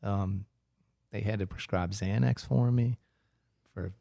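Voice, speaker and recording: A man's voice: on the low side, fairly even intonation, slow pace, creaky, dark tone, dry recording, studio quality. A man as a podcast guest, telling stories in a chatty, self-mocking way and acting out what people said. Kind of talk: casual storytelling interview.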